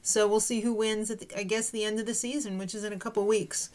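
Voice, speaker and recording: A woman's voice: medium pitch, little pitch movement, quick pace, darkish tone. A young adult woman hosting a recap show in casual chat, joking and snarky, often laughing.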